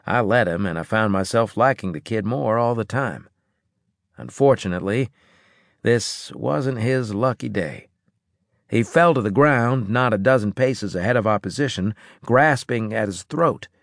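A man reading a first-person science fiction audiobook in a gruff, clipped way. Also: fairly low pitch, expressive, a little slow, no room sound, studio quality. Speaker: audiobook narrator.

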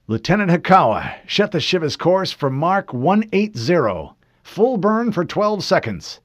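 A man voicing a stern male starship commander who gives clipped, loud orders in a raised voice. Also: fairly high pitch, animated, normal speed, no echo, voice pushed up. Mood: commanding.

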